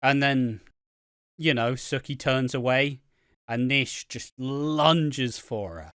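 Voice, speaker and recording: A British man co-hosting a podcast, recapping a soap episode in casual, excitable chat, swearing a lot and acting out the characters' lines. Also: mid-range voice, slow pace, clean tone, no echo, clean studio sound. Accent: British English. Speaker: podcast co-host.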